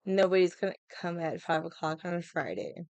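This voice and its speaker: Woman from hawaii chatting on her vlog, swears a lot, acts out what people said, smooth clean voice, dry close sound. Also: on the low side, brisk, dry recording. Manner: animated, profane, laughs often, acts out quotes. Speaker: vlogger. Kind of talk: casual storytelling chat.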